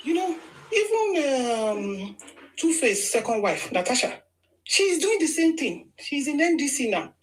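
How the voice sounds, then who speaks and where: A woman's voice: sits high, very animated, a little slow, a little hiss or hum, rough recording. A woman with a Nigerian accent giving opinionated political commentary, emphatic and argumentative, often repeating phrases for stress.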